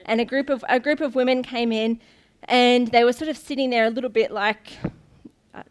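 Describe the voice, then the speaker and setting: A woman's voice: a little high, fairly even intonation, fairly quick. A young woman giving an informal sermon to her church, telling stories in a chatty way with lots of ums and restarts. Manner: chatty, laughs often, many ums and restarts. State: briefly tearful. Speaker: guest preacher, pastor's daughter.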